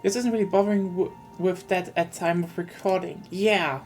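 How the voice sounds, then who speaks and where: Woman streamer, lower register, chatty and explanatory, light music bed. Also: steady tone, moderate pace, darkish tone. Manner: explanatory, thinks aloud in long winding turns. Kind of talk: casual chat while streaming a strategy game.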